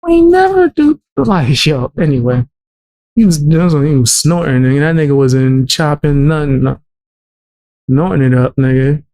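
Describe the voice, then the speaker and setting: A man's voice: mid-range voice, normal speed, a little mellow. A man reacting to music clips on a stream, blunt and mocking, swearing often. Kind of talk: casual reaction stream commentary.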